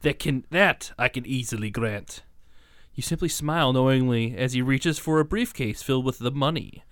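A man's voice: medium pitch, normal speed, smooth, dry recording, clean studio sound. A young man co-hosting a casual podcast, reading game endings aloud and often laughing and apologizing. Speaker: podcast co-host.

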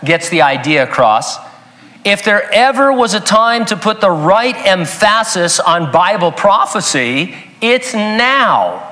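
A man's voice: high-pitched, bright, forceful tone. A man preaching a sermon in a conversational, emphatic way with joking asides. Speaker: pastor.

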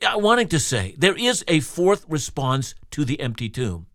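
A man preaching a radio sermon in an expressive, rhetorical way, speaking directly to his listeners. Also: fairly high pitch, unhurried, no room sound, clean studio sound. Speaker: Bible teacher.

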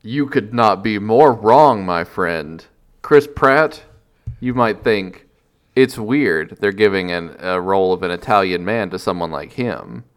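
A man's voice: lowish voice, animated, measured pace, clear, resonant tone. A man hosting a casual podcast chat, wry and joking, laughing often. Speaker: podcast host.

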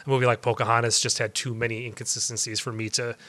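A man's voice: mid-range voice, flat delivery, fast, sharp tone. A man co-hosting a casual podcast, talking in a rambling, self-deprecating way. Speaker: podcast co-host.

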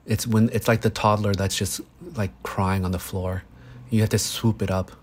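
A man in his thirties speaks in a fairly low voice. He is a psychologist explaining things earnestly in conversation, with everyday examples. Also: flat delivery, moderate pace, darkish tone, a little hiss or hum. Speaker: psychologist guest.

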